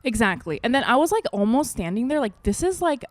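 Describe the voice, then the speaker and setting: A woman co-hosting a podcast, telling a story from her life in casual chat and acting out the people in it with lively voice jumps. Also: brisk, no room sound. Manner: animated, acts out quoted people with big pitch jumps. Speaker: podcast co-host; mother.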